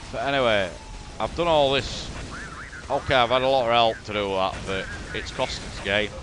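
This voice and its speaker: A man's voice: mid-range voice, moderate pace, noisy background. Sweary Yorkshire man commentating a game. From Yorkshire, England. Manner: blunt, sweary, exasperated banter. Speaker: gaming commentator. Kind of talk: casual game replay commentary.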